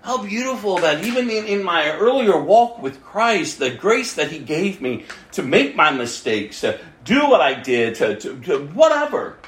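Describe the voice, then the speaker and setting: A man delivering a sermon as a pastor, telling an emotional personal story and often dropping his voice to a hushed near-whisper. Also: on the high side, very animated, a little slow, hardly any pauses, roomy sound, slight background noise.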